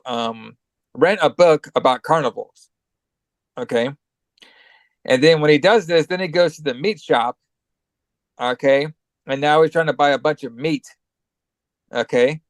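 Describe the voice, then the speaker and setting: A podcast co-host with a cold gives a loose, profane, filler-heavy recap of a movie. His voice is a little high, and the recording is dry.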